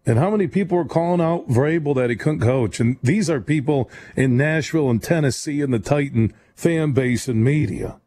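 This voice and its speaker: Male sports radio host, mellow voice, fast-talking, opinionated. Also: mid-range voice, animated, a little hiss or hum. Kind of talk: late-night sports call-in show. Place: radio studio.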